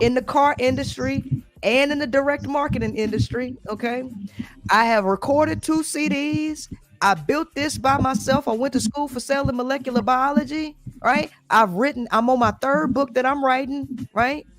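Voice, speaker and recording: A woman's voice: sits high, normal speed, dry recording. A middle-aged woman from the United States, arguing bluntly and confrontationally in a heated debate, often repeating herself. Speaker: podcast guest.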